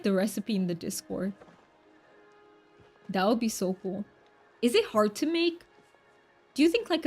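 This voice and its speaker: Chatty woman streamer, higher voice. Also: a little mellow. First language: Romanian and Hungarian. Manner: chatty, reads and answers chat aloud, frequent restarts. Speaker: game streamer. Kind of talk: casual live-stream chat.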